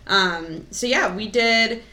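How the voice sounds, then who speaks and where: A young woman co-hosting a casual podcast, relaxed and laughing easily, with fillers and repeats. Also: mid-range voice, slow pace. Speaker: podcast co-host.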